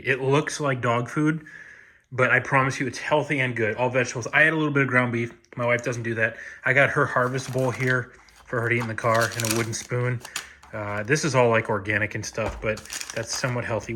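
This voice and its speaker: A man's voice: mid-range voice, sharp tone. A young man talking casually to his phone camera for a vlog, rambling and correcting himself as he goes. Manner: rambling, chatty, self-correcting. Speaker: vlogger. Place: in a car. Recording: noisy car interior. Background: car and road noise.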